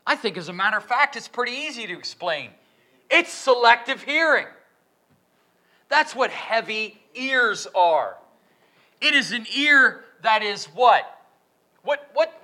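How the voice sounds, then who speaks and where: A man delivers a sermon in a high, bright voice that swoops up and down as he pushes his points. He speaks slowly and deliberately, leaning hard on the lines he quotes and peppering the room with questions. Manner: questioning, lively emphatic delivery with drawn-out quotes. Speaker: preacher.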